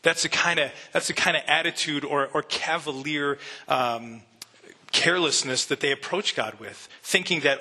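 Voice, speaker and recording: In a church sanctuary, a pastor on the verge of tears delivers a sermon that is earnest and conversational, with many restarted sentences. He sounds a little high, bright and forceful at a moderate pace, with a breathy edge.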